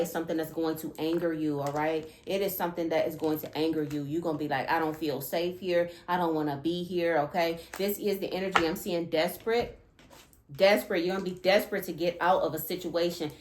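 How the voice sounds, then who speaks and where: A woman's voice: medium pitch, roomy sound, slight background noise. A woman doing a casual tarot reading, emphatic and repetitive, checking in with "okay?" and "all right?" after each point. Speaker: tarot reader.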